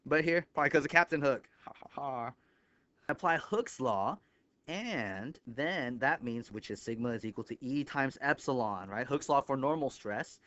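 A man lecturing on an engineering topic at a whiteboard, thinking aloud step by step and marking each step with a quick 'bam'. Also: mid-range voice, lively intonation, fairly bright tone, no echo. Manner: explains step by step with frequent 'right here'. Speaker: engineering instructor. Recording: slightly dull, lo-fi dry recording.

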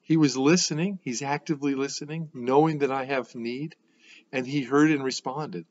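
A man's voice: medium pitch, fairly even intonation, moderate pace, a little mellow, highs cut off. A man teaching a casual Bible devotional in a conversational, reflective way, often checking in with a "right?". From United States. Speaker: host giving a Bible devotional.

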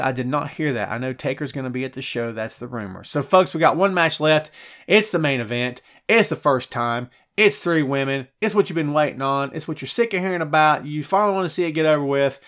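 A middle-aged man hosting a live show, reading out chat messages and wisecracking in an animated, conversational way. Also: fairly high pitch. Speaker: podcast host.

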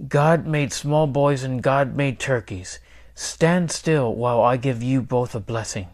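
A man doing a gentle, kindly priest. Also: medium pitch, unhurried, natural voice.

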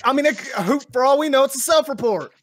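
A man's voice: very high voice, lively intonation, quick pace, fairly bright tone. A young man in gaming voice chat who defends himself, exasperated, swearing and pleading. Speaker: player.

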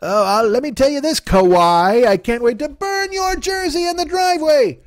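A man's voice: very high voice, lively intonation, moderate pace, voice pushed up. A man imitating an angry male sports fan who rants shrilly and indignantly. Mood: shrill rage. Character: angry male sports fan ranting about burning jerseys.

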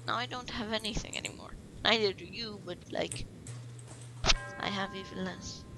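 A woman hosting a let's play, chatting casually over a card game in a playful, teasing way that is quick to complain. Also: mid-range voice, steady tone, sharp tone, poor audio. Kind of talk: casual gaming banter.

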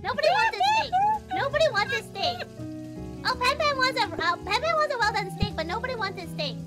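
A woman streamer in chaotic gaming banter, excitable and whiny, repeating herself over and over. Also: very high voice, brisk. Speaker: guest streamer. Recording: game music loud behind.

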